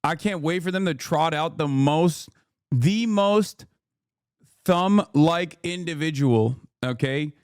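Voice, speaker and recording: A man hosting a live stream, reacting to news in an animated, mocking way with sudden incredulous outbursts. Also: a little high, takes it slowly, clear, resonant tone, no echo, clean studio sound. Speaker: livestream host.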